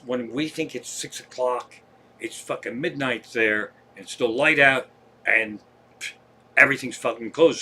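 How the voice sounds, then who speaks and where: A man's voice: mid-range voice, sharp tone, slightly rough. A man, a comedian, telling rambling, profane travel stories on a livestream from home. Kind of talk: casual stand-up storytelling.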